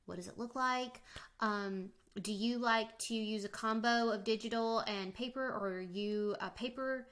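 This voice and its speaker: A woman's voice: a little high, a little slow, smooth. Chatty young woman budgeting on screen. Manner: relaxed, chatty, with many fillers and restarts. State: eating snacks while talking. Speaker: vlogger. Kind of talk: casual budgeting walkthrough.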